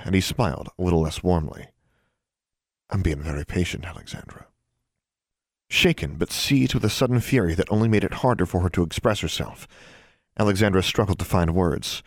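A man narrating a fantasy audiobook in an even, measured storytelling manner. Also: low-pitched, no room sound, clean studio sound.

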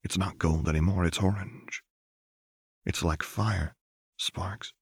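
A man narrating fan fiction as an audiobook in a slow, measured, dramatic reading. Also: low-pitched, fairly even intonation, breathy edge, dry recording, clean studio sound.

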